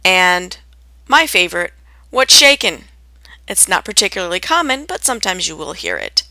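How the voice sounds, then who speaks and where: A woman teaching common English greetings in a clear, deliberate lesson, acting out the example phrases in a lively way. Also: on the low side, no echo. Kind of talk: scripted lesson on spoken greetings.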